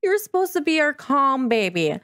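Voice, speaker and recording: Woman, gaming creator, slightly high voice, chatty play-by-play that coos at the on-screen babies. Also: very animated, normal speed, a bit bright. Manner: chatty, coos and talks to her game characters. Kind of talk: casual let's-play commentary.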